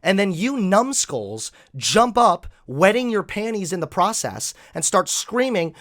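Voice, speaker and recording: Animated, mocking male commentator. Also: sits high, a little slow, few pauses. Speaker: host. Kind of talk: reaction commentary.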